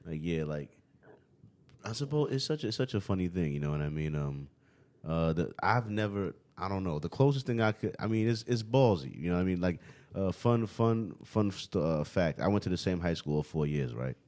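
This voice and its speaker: A man's voice: low-pitched, animated, normal speed, darkish tone. A young man hosting a casual podcast, rambling and swearing, always adding "you know what I mean". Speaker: podcast host.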